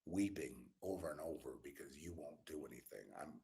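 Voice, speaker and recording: A man hosting his own channel, delivering a rambling spiritual and political monologue with a weary, exasperated tone, drifting at times into low mutters and whispers. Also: a little fast, warm tone, slightly rough. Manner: meandering, musing, drops into low mutters and whispers. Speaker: channel host.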